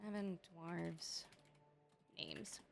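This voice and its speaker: A woman streamer commenting excitedly on a game, gushing and thinking aloud as she tours player-made spaces. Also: on the low side, drawn-out words, vocal fry, soft background music.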